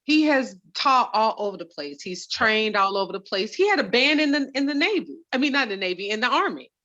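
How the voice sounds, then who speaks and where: A woman's voice: a little high, expressive, a little fast, sharp tone. A woman guest reminiscing casually about her father, laughing as she tells stories. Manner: laughs while telling stories. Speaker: guest, daughter of the honored man. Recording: slightly dull, lo-fi sound.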